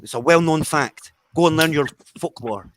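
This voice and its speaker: A Scottish man chatting casually online with friends, animated and quick to laugh. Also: on the high side, slight background noise. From Scotland. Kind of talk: casual online group chat. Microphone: headset or desk mic, close.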